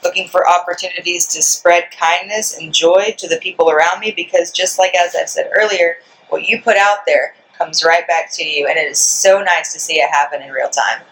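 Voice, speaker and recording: A woman being interviewed outdoors, giving short, dry answers with deadpan humor. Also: fairly low pitch, normal speed, poor audio. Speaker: interview guest. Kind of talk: casual interview chat. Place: outdoors in front of a store.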